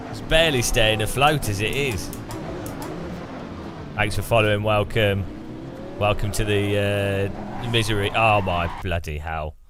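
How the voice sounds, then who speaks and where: A man joking through live racing-game commentary, greeting chat and poking fun at himself. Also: fairly low pitch. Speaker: gaming streamer.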